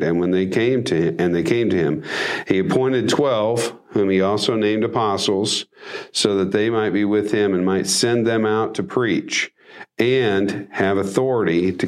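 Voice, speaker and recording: Low-voiced guy, bible podcast, reads verses, cracks jokes and does little voices. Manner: joking, acts out quoted bystanders. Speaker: co-host reading and discussing scripture. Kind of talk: casual Bible discussion.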